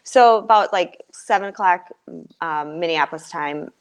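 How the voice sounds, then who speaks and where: A middle-aged woman telling her personal story as a guest, earnest and halting, with many fillers and restarts. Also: lowish voice, clear, resonant tone.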